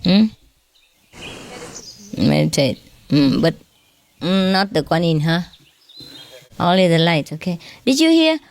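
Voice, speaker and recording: A woman's voice: lowish voice, expressive, takes it slowly, vocal fry, pauses often, a little mellow. A woman spiritual teacher giving an informal lecture, chatty and self-mocking, often ending phrases with a questioning "huh?". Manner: self-mocking, joking about her broken English.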